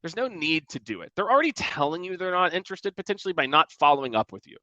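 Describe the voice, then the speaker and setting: A man giving energetic sales coaching in a conversational way, often acting out emails and calls in mocking voices. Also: on the high side, fast, no echo, highs cut off. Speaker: sales trainer.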